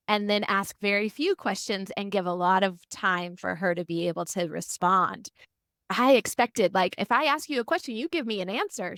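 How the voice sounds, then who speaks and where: A middle-aged woman therapist, a guest on a podcast interview, telling stories and acting out the quotes with lively animation. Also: mid-range voice, dry recording, studio quality. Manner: animated storytelling, acts out quotes. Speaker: family and marriage therapist, guest.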